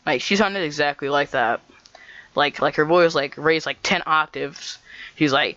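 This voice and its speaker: A man's voice: a little high, steady tone, normal speed, bright, forceful tone, no room sound. A man telling a story in a vlog, rambling with lots of "like" and restarts. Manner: rambling, full of fillers and restarts. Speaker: vlogger. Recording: dull lo-fi mic, dry.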